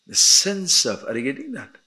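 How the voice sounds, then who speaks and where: An older man giving a spiritual discourse, animated, moving between emphatic declarations and soft murmured asides. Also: medium pitch, moderate pace, slightly rough. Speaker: spiritual teacher.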